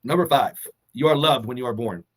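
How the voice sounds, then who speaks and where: A man co-hosting a fitness talk, delivering earnest, measured motivational advice and holding back emotion. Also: mid-range voice. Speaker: co-host of a fitness summit talk.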